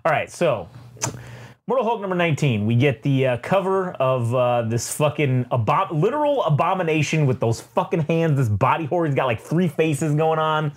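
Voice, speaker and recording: Animated, profane man recapping comics. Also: on the high side, moderate pace. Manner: profane, rambling recap full of fillers. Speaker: podcast co-host. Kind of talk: casual chat.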